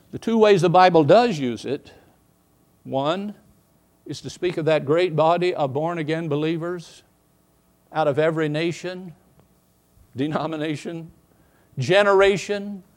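A man preaching in a slightly high voice. He drops to quiet, low asides and then climbs into loud, emphatic bursts. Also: creaky. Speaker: pastor. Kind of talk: sermon.

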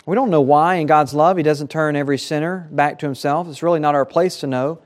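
A man's voice: on the high side, fairly even intonation, brisk. A man preaching a sermon as pastor, earnest, his voice rising and falling for emphasis, at times repeating words.

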